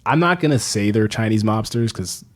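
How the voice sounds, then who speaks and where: A young man telling stories in a casual podcast chat, animated and swearing freely, laughing often. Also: fairly low pitch, a little fast. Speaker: podcast guest, fiction writer. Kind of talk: casual conversation.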